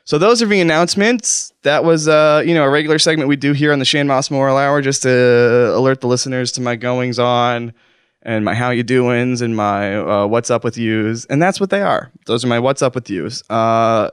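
A man's voice: mid-range voice, moderate pace, smooth, no room sound, clean studio sound. A man hosting a comedy call-in show, rambling through his announcements, flustered and constantly correcting himself. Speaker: host. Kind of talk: improvised comedy monologue.

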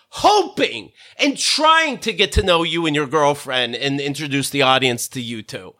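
Male podcast host, bright and lively, profane ranting storyteller. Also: a little high, moderate pace, hardly any pauses, dry recording, studio quality. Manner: animated, profane, laughing between rants.

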